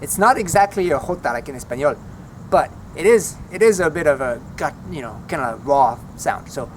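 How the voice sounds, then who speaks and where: A man walking through a home vegetable garden outdoors, naming plants and teaching their French words in a relaxed, chatty way. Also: fairly high pitch, normal speed, a little hiss or hum. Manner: relaxed, chatty, easily enthused. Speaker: language teacher giving a garden tour.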